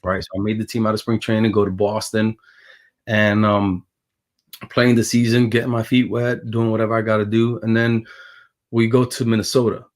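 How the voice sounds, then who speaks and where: A man, speaking in a lowish voice as a guest in a casual interview. He tells his stories with energy and acts out the other people's lines. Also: moderate pace. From Brooklyn, New York. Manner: animated storyteller who acts out quoted voices. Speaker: guest, former baseball pitcher.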